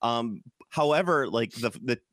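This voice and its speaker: A man's voice: mid-range voice, lively intonation, unhurried, a bit bright, dry recording, studio quality. A man from Chicago co-hosting a casual podcast chat, rambling with lots of restarts and fillers. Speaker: podcast co-host.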